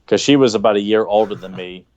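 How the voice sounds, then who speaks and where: A man with a Southern US accent chatting casually as a podcast co-host, excited and rambling, with lots of fillers and restarts. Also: fairly low pitch, fast, no echo, highs cut off. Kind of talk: casual chat, watching a cartoon.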